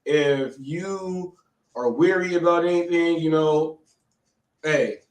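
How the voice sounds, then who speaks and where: A man's voice: fairly high pitch, fairly even intonation, takes it slowly. An American man hosting a live show, shaken and out of breath, repeating himself and stumbling over restarts as he tells what just happened. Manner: breathless, repetitive, stammering restarts. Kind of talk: excited live-stream storytelling. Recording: echoey room, distant mic.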